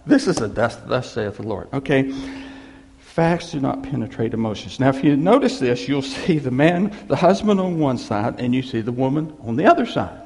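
A man preaching a sermon, telling a story in an animated way and repeating key phrases. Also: mid-range voice, moderate pace, in a large hall, a little hiss or hum.

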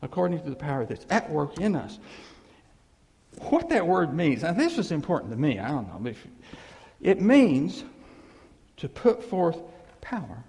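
Lively, gravelly preacher in an echoing hall. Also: male voice, unhurried, pauses often. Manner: animated, swings between loud exclamations and low murmurs. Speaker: pastor. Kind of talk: sermon. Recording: reverberant hall sound.

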